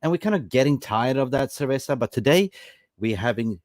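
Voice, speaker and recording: A man hosts a live football chat show, upbeat and hyping his panel. His voice sits at an everyday middle pitch, recorded close and dry with no room sound. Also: expressive, brisk, darkish tone, no room sound. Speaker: host.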